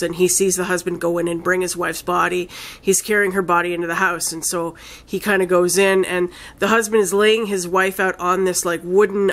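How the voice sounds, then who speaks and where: Woman rambling, excited film reviewer. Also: fairly low pitch. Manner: rambling, enthusiastic retelling full of "like" and "you know"; swears casually. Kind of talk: casual spoken film review.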